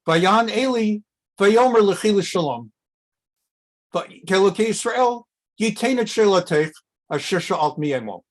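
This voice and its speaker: A middle-aged rabbi leads a relaxed text class, reading out Hebrew lines and then explaining them in plain talk. His voice jumps up when he acts out what the figures say. He digresses often before returning to the passage. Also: a little slow. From America. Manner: reads Hebrew text and translates it with asides; animated, jumps up in pitch when acting out quotes. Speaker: rabbi teaching a Bible class. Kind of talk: conversational Torah class.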